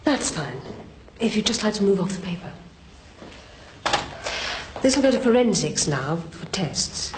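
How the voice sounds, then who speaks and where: An actress playing a calm, businesslike medical examiner who gives gentle instructions, in a TV soap drama. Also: female voice, mid-range voice, measured pace, long pauses, noisy background.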